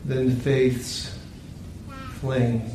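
A man preaching, telling a sermon story in a slow, solemn, hushed way. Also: medium pitch, monotone, slight background noise. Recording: very echoey room, distant mic.

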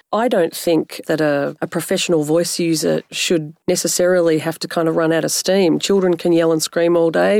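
Lady, bit hoarse from a cough, gravelly, explains things like a voice coach. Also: fairly low pitch, a little mellow, no room sound, studio quality. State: slightly hoarse from a recent cough. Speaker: narrator and speech pathologist guest. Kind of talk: conversational interview.

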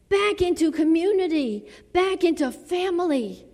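High-voiced woman preaching slowly in a hall. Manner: slow, dramatic delivery with soft drops and rising exclamations. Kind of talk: sermon. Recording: long reverb of a large hall.

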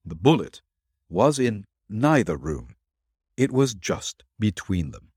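Assured detective, low and measured, read by a male narrator. Husky, lively delivery. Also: no echo, studio quality, exaggerated voice. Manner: measured, explaining.

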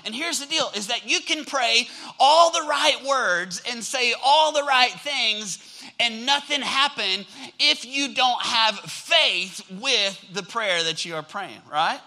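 A man's voice: very high voice, expressive, takes it slowly, bright, forceful tone, poor audio. A male pastor preaching a sermon with energy, drawing the congregation in with call-and-response prompts.

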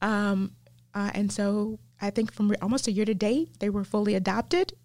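A woman with a Southern US accent, a guest teaching the Bible in an interview, earnest and animated with many ums and restarts. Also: mid-range voice, moderate pace, dry recording. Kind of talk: faith podcast interview.

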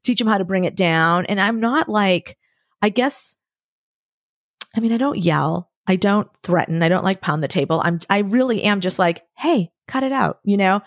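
A woman in her forties talking as a podcast guest, telling candid stories with lively acted-out quotes and casual swearing. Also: medium pitch, normal speed, no room sound, studio quality. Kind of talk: candid conversational storytelling.

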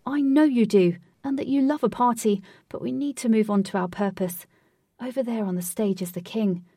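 A woman's voice: a little high, moderate pace, mellow, breathy edge, no echo, clean studio sound, recorded from a distance. A woman voicing Wraith, a serious male guide who patiently lectures his companion in a storybook reading. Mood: earnest.

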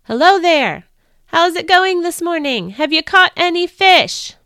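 A woman voicing a man who calls out loudly from the shore to fishermen in a boat, in a family storybook reading. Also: lively intonation, a little slow, dry recording, studio quality, heavily acted. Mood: calling out. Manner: calling out loud and high across water.

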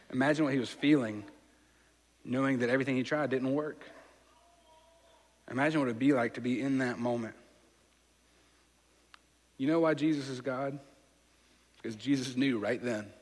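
A pastor preaches in a relaxed, conversational way, walking listeners through a story. His voice sits in a middle pitch. It carries the long reverb of a large hall. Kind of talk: sermon.

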